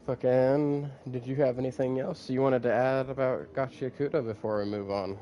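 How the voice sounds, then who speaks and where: A man's voice: medium pitch, warm tone, lo-fi sound. A man hosting a podcast in casual chat, laid-back, swearing freely and laughing often. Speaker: podcast host.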